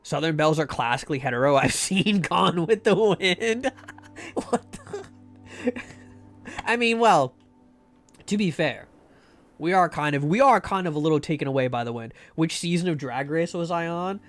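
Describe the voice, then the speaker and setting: A man's voice: on the high side, animated, moderate pace, faint music behind. A man streaming a game live, rambling and joking with many fillers and restarts. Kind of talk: casual live-stream chat.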